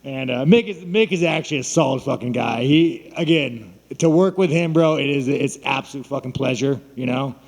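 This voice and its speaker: Profane, mocking fighter in a reverberant hall. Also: male voice, medium pitch, normal speed, gravelly, few pauses, a little mellow. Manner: blunt, swearing, mocking. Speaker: fighter at a media day. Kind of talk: profane, boastful press scrum talk. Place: large room at a media event.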